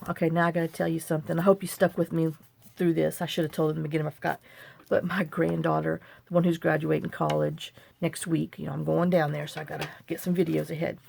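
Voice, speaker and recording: A woman's voice: sits low, gravelly, a little mellow, a little hiss or hum. An older woman hosting a chatty crafting tutorial, rambling and talking to herself as she works at a home craft table. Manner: rambling, chatty, talks to herself while working.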